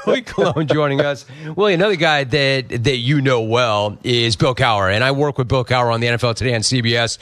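A man hosting a sports talk show, enthusiastic and quick to laugh while interviewing a former player. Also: medium pitch, a bit bright. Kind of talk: radio-style interview.

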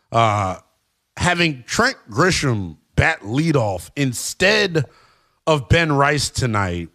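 A man's voice: on the high side, pushed and bright. A man hosting a sports talk show, giving emphatic, slangy opinions to fans.

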